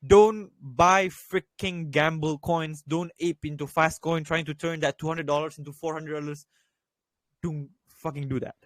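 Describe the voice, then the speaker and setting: A man's voice: a little high, fairly even intonation, a little slow, no echo. A young man and student giving blunt, profanity-laden crypto advice in a casual voice chat, repeating his points. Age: young adult. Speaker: crypto trading voice chat host.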